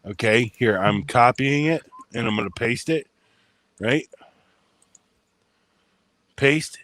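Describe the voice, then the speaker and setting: A man's voice: mid-range voice, slow, a bit bright, no echo. A man hosting a casual podcast chat, rambling and self-mocking, laughing often. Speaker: podcast host.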